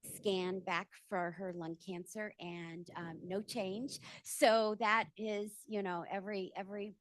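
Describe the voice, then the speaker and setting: A woman's voice: medium pitch, steady tone, takes it slowly, no echo. A woman who manages a research lab, giving an earnest, plain-spoken introduction at a community meeting.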